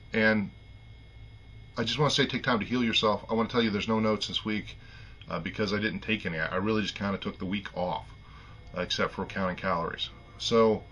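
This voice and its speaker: A man's voice: lowish voice, bright, forceful tone, lo-fi sound, slight background noise. A middle-aged man talking earnestly to camera in a casual monologue, rambling and restarting, getting choked up. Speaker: vlogger.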